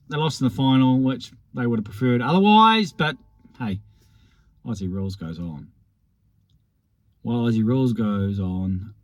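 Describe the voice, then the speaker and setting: Kiwi guy rambling about old rugby memories, wry and self-mocking, mid pitch, dry close sound. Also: darkish tone, no room sound. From New Zealand. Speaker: rugby vlogger. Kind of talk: casual reminiscing monologue.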